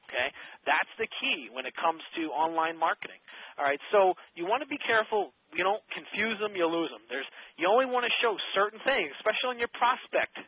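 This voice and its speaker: A man's voice: high voice, lively intonation, a little fast, husky. A man giving a casual teleseminar presentation as a marketing consultant, full of fillers and frequent "okay?" check-ins. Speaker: marketing consultant for martial arts school owners. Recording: tinny phone line.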